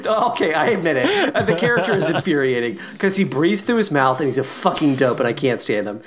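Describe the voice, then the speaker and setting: Sarcastic, lively podcast co-host. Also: mid-range voice, fast, faint music behind. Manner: profane, sarcastic, animated ranting. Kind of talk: casual chat recapping a show.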